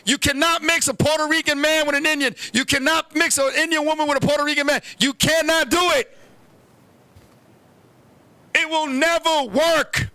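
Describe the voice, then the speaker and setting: A man hosting a comedy show, ranting loudly and brashly, swearing freely and sometimes breaking into chants. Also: extremely high pitch, fairly even intonation, moderate pace, dry recording. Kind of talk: comic rant.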